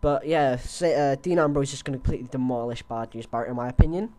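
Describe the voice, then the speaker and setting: A young male host on a headset talks loosely through his wrestling predictions, full of fillers and restarts. His voice is medium-pitched and fast, with a noisy background.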